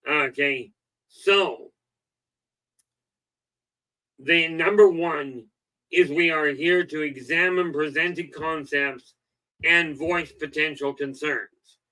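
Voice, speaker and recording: A man's voice: a little high, takes it slowly, pauses often, sharp tone, poor audio. A middle-aged man hosting a self-help livestream, rambling in a folksy way with lots of "okay" and "you know," and telling jokes. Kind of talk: casual livestream talk.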